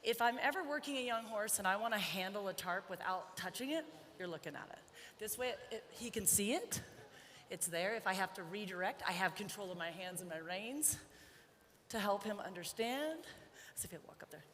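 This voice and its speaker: A woman horse trainer giving a live riding demonstration, chatting, joking and softly coaxing her young horse. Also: medium pitch, lively intonation, fairly quick. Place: large indoor arena. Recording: echoey arena with faint background noise.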